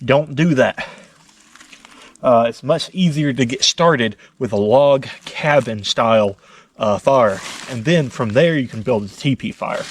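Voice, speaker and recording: A man's voice: medium pitch, unhurried. A man vlogging outdoors at night, explaining plainly how to start a fire. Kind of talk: vlog narration.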